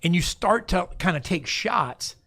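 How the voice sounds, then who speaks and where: A man hosting a faith talk show, telling stories in a lively way with many restarts. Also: high voice, a little slow, gravelly. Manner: animated storytelling with many restarts. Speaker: host.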